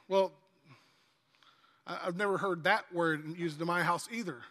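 A man's voice: sits high, unhurried, pushed and bright. A man preaching a sermon in a church, reading scripture aloud and talking conversationally with the congregation, sometimes acting out voices of pleading kids. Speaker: pastor. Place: church sanctuary. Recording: long hall reverb.

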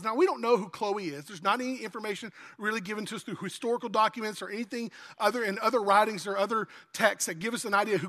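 A man preaches a sermon in a relaxed, folksy manner, mixing humor into his teaching. His voice sits high and sounds bright and sharp. A long hall reverb trails behind him. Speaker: pastor.

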